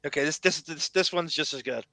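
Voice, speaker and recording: Man, podcast host, casual chat, bright tense tone, dry close sound, eager rambling. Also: fairly high pitch, brisk, gravelly, no echo. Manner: enthusiastic, rambling with restarts.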